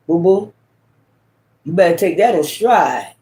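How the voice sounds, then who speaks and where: A man with a high voice gives a loose, profane spiritual reading. He speaks straight to his viewers with emphasis and keeps tossing in "right?" and "okay?" as he goes. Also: unhurried, a little mellow. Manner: frequent rhetorical tag questions. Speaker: tarot reader.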